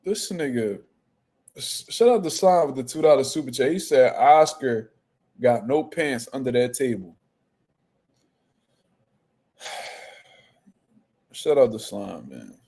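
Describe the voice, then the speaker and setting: A young man hosting casual boxing reaction commentary, profane and animated. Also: medium pitch, slow pace, pauses often, slightly rough. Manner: profane, animated trash talk.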